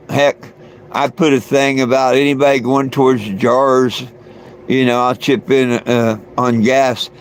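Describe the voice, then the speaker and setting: Male livestream host, gravelly voice, slow unhurried rambling, lots of fillers and chuckles. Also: mid-range voice, a little hiss or hum. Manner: loose and meandering, many fillers and restarts, chuckles often. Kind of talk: rambling casual livestream chat.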